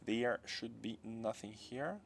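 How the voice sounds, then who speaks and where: Over slight background noise, a man with a lowish, creaky voice speaks slowly and steadily. He's from Russia, has a Russian accent touched by French, and gives casual livestream commentary, muttering while he builds in a game and answering chat.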